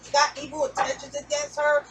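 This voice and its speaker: A woman's voice: sits high, completely flat delivery, brisk, soft background music. Blunt, cussing woman tarot reader. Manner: blunt, profane, addresses viewers directly. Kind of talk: casual spiritual message reading. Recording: distant mic with background noise.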